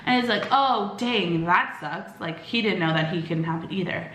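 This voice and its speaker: A young woman vlogger with a lowish voice rambles through a personal story in casual chat, full of fillers, switching her voice quickly to act out quoted lines. The room is echoey and the background noisy.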